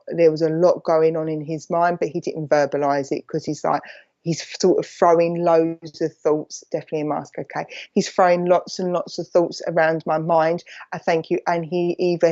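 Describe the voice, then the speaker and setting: A woman's voice: low voice, warm tone, highs cut off. Chatty Essex woman medium, rambling. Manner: rambling, jumps between thoughts; chatty and affectionate, calls people "my lovely". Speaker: psychic medium. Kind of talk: live-streamed mediumship reading.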